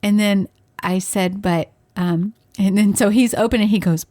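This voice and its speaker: A woman's voice: medium pitch, moderate pace. A woman co-hosting a podcast, telling stories in casual chat and acting out the conversations she recounts. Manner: animated storyteller acting out dialogue. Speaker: podcast co-host, parent.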